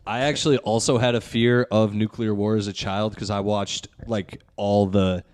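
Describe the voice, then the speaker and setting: A man's voice: fairly low pitch, fairly even intonation, normal speed, darkish tone. A man who is a guest comedian on a podcast, telling stories in a laid-back, casual way.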